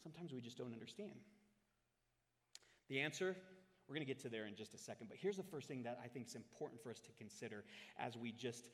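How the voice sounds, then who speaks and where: A man preaching a sermon to a congregation, swinging from loud, dramatic scripture readings to quiet, reflective asides. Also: medium pitch, lively intonation, quick pace. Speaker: pastor. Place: church hall. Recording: long hall reverb. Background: congregation in the room.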